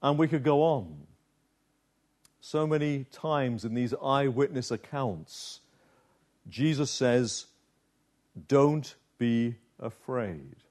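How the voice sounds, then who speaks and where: A man preaching a sermon with a slow, dramatic delivery, pausing often and dropping low and soft for emphasis.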